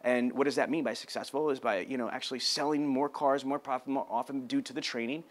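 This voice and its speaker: A man giving a motivational business talk, loud and emphatic, acting out dialogue as he tells a story. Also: mid-range voice, fairly even intonation, quick pace. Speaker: sales trainer.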